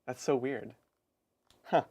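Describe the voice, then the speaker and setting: A man co-hosting a live stream, chatting casually and quickly about tabletop game rules, with laughs and quick asides. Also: medium pitch, darkish tone. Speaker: co-host of a tabletop gaming stream.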